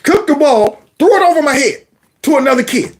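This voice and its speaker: A man's voice: very high voice, lively intonation, brisk. A man hosting a political commentary vlog, folksy and storytelling, who keeps calling his audience y'all. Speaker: host.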